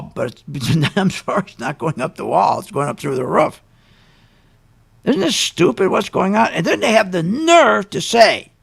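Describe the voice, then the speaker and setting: A man hosting talk radio with a gravelly, fairly high voice. He rants with indignant emphasis and fires off rhetorical questions. His delivery is forceful and exasperated. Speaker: radio show host.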